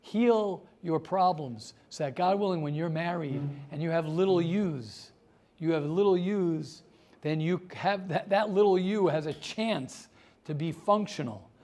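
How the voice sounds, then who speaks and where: A man teaching a yeshiva class, talking in a lively way, firing rhetorical questions and telling everyday stories. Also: a little high, a little slow.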